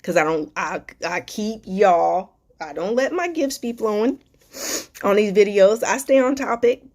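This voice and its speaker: A woman's voice: medium pitch, darkish tone. A woman hosting a live stream Q&A as a life coach, speaking affectionately and emotionally to viewers with spiritual encouragement, calling them darling and sweetheart.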